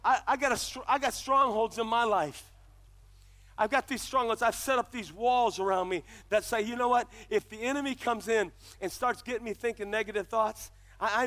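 High, bright-voiced man preaching passionately. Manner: impassioned preaching, builds to shouts. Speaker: pastor. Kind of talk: sermon.

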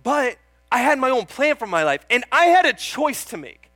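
A man's voice: very high-pitched, very animated, normal speed, a bit bright, no echo. A young man preaching a sermon in an earnest, chatty way, often calling out "Amen?" and joking about himself. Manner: self-deprecating, laughs at himself.

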